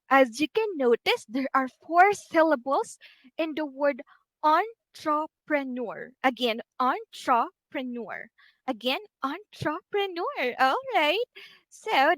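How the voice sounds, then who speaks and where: In a one-on-one online English lesson, a woman patiently encourages her student, slowly repeating words and narrating what she does on screen with small fillers. Her voice sits high, with no room sound.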